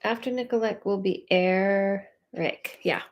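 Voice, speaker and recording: A psychic medium speaks in a mid-range voice over dull audio with a little hiss or hum. She chats casually on a livestream, rambling as she gives viewers quick readings.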